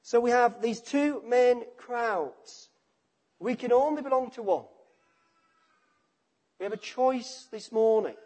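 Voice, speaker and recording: A man preaching a sermon, emphatic and repetitive, letting his phrases fall quiet at the ends. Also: extremely high pitch, slow, long pauses. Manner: emphatic, repeats phrases, drops to quiet endings.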